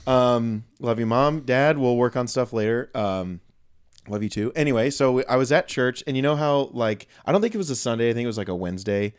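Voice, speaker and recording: A man's voice: mid-range voice, expressive, brisk, clean tone. Rambling, foul-mouthed man telling stories. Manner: rambling storyteller, swears freely, jokey asides. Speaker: podcast co-host. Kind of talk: casual podcast chat.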